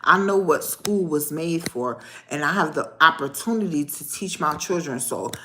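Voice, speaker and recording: A young adult woman, hosting a casual livestream and ranting to her viewers in a sassy, animated way. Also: sits low, normal speed, slight background noise. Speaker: livestream host. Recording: echoey room.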